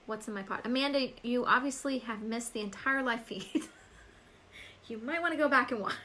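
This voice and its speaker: A woman's voice: on the high side, moderate pace, pushed and bright, slight background noise, low-quality recording. A woman hosting a live stream as a psychic medium, chatting casually, laughing often and answering viewers by name.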